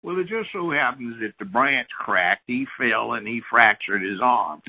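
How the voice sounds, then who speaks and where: A man's voice: mid-range voice, animated, unhurried, a little hiss or hum. A man guest on an interview show, telling stories and giving advice in an emphatic, lecturing way. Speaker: guest, judge. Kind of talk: interview talk, storytelling and advice. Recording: phone-like narrow sound.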